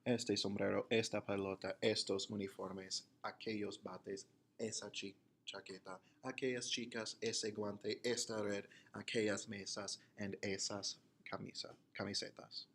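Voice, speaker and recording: A man teaching a recorded grammar lesson, explaining slowly and reading example phrases aloud one by one. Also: fairly low pitch, little pitch movement, a bit bright, slight background noise. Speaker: Spanish teacher.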